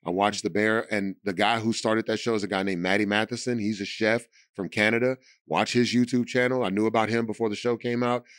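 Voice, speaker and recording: Deep-ish guy in his 30s chatting on a podcast, lively storyteller, dry close sound. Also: brisk, hardly any pauses, no room sound. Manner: animated storyteller, slips into quoted voices and big pitch swings. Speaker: podcast guest, voice actor. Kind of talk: casual chat.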